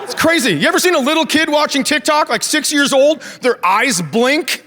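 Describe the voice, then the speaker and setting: A man's voice: very high voice, lively intonation, normal speed, noisy background. A man in his forties doing a stand-up comedy set, telling sarcastic family stories and acting out the dialogue, on a handheld stage mic. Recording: live show with crowd laughter. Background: audience laughter.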